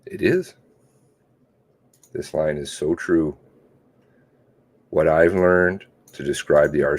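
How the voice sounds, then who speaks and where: A man hosting a casual livestream, reading and commenting on articles in a sarcastic, mocking way, with loud outbursts and low mutters. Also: fairly even intonation, slow, long pauses. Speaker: livestream host.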